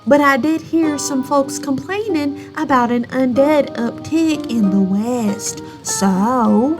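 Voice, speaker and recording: A woman's voice: sits high, takes it slowly, over music. A woman voicing a guarded, lone-wolf brawler with a Southern country accent and curt, clipped replies. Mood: gruff.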